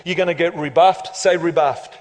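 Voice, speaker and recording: A man preaching a lively, joking sermon as pastor of a church, laughing often and building to loud climaxes. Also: a little high, normal speed. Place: church auditorium. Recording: long reverb of a large hall.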